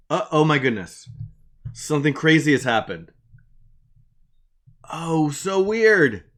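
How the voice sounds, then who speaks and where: A man hosting a casual live stream from a home attic studio, rambling and self-deprecating, laughing often between thoughts. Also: medium pitch. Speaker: live-stream coding host.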